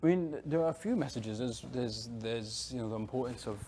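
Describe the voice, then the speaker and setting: A man's voice: medium pitch, brisk, dark tone, slight background noise. A man talking casually in an interview, hesitant, with frequent fillers and restarts. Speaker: actor interviewee.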